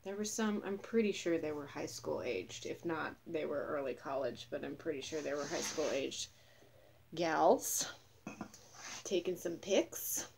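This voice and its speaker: A woman's voice: low-pitched, animated, a little slow, vocal fry, background noise. A young woman ranting in a casual vlog, profane, sarcastic and scornful as she recounts what she saw. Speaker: vlogger.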